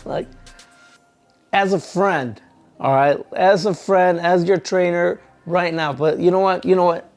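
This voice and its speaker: In a casual vlog, a man who trains truck drivers tells a story with lively energy, acting out both sides of an argument. His voice is high-pitched and a little slow, with faint music playing behind him.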